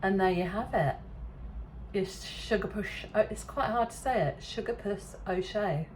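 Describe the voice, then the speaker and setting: An English woman hosting a relaxed kitchen demonstration, chatty and self-deprecating, often laughing at herself. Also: mid-range voice, unhurried, a little hiss or hum. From England. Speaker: cooking show host. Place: home kitchen.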